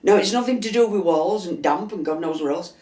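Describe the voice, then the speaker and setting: A woman's voice: on the low side, brisk, warm tone. An older woman with a Yorkshire accent and a chesty cough, telling a story inside her house and acting out the dialogue as she goes. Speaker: resident interviewee. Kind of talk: storytelling interview. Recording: roomy echo.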